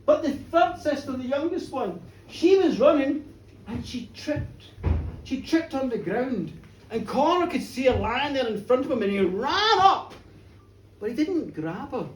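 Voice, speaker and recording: A woman telling a folk tale live, dramatic, moving from hushed murmurs to shouts. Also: sits high, big pitch swings, a little slow, slight background noise. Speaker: storyteller. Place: bar, live performance before an audience. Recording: roomy, distant live bar recording.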